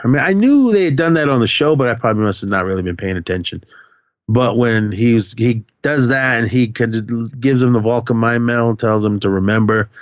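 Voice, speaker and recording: A man's voice: medium pitch, dry recording, dull audio. A man hosting a podcast, casually retelling a movie scene in a rambling way with lots of fillers and restarts. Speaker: podcast host.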